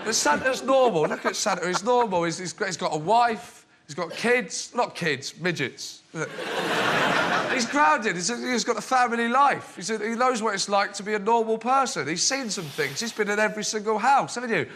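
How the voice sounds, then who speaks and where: A man doing a mocking, loud comic rant on a panel show stage, shouting his punchlines. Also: high voice, expressive, normal speed. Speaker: comedian arguing a side. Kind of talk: stand-up style comic rant. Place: studio with live audience. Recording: loud laughing crowd, noisy.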